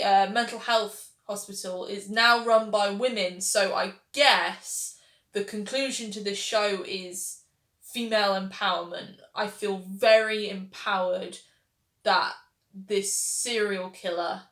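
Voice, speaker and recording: A woman's voice: medium pitch, a bit bright. A woman giving casual, sarcastic commentary on a television series, exasperated with its writing. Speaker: pop culture reviewer. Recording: roomy echo.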